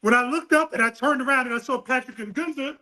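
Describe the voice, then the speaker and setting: A middle-aged boxing coach from New York City tells a story in a casual interview, laughing and swearing as he goes. His voice is extremely high, he talks fast, and the recording is low quality.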